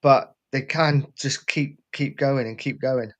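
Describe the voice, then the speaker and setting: A man's voice: medium pitch, steady tone, takes it slowly, fairly bright tone. A middle-aged man, hosting a podcast in casual chat and easily prompting the others to talk. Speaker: podcast host.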